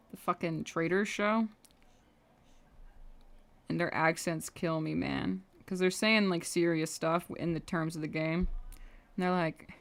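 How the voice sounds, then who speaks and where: A young woman with a fairly low voice and vocal fry livestreams her animation work. She chats casually as she draws, rambling and muttering to herself.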